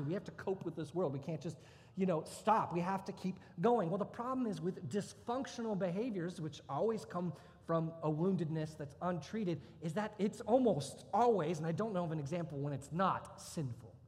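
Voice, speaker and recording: A man preaching a sermon as pastor, telling a personal testimony earnestly and with emotion, rising at times to intense outbursts. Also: high voice. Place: church sanctuary. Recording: church hall reverb.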